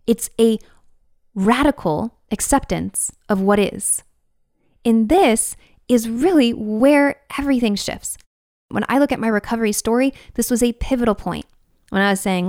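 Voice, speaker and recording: A woman's voice: moderate pace, darkish tone, dry recording, clean studio sound. A woman hosting a solo recovery podcast, earnest and encouraging, acting out inner voices now and then. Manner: earnest and encouraging, acts out inner voices with big pitch jumps. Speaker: podcast host and recovery coach. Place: room with a whiteboard.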